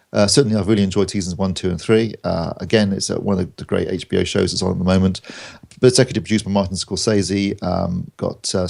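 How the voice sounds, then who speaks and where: A man's voice: sits low, creaky, darkish tone. A man co-hosting a podcast, rambling through film reviews with plenty of ums and restarts and dry jokes. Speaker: podcast co-host reviewing films. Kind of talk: casual chat.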